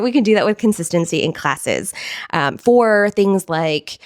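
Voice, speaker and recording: A woman's voice: on the low side, expressive, normal speed, no room sound, clean studio sound. A young adult woman, a fitness instructor, talking casually and upbeat to camera, giggling and repeating phrases for emphasis. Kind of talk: casual motivational talk to camera.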